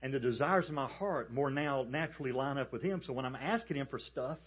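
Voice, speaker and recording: A man preaching a sermon as a pastor, emphatic and animated as he tells a story. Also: medium pitch, fairly quick, husky, highs cut off. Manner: emphatic, animated storytelling with calls for the congregation to repeat.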